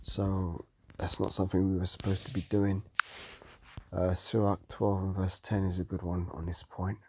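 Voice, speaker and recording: A tired man teaching from the Bible late at night, reading verses aloud and commenting on them slowly. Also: low voice, completely flat delivery, a little mellow, a little hiss or hum. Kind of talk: scripture study talk.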